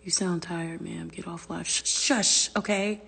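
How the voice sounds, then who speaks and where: A woman's voice: fairly low pitch, steady tone, unhurried, creaky, a bit bright, breathy edge, big-room sound. A woman chatting casually on a phone livestream from her family room, rambling and swearing freely and slipping into whispers. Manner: loose, profane, rambling, drops to whispers. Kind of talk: casual livestream chat, reading comments.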